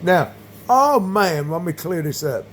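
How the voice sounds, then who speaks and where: A man talking in a rambling monologue, full of fillers, with sudden loud bursts. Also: high-pitched, expressive, unhurried, slight background noise.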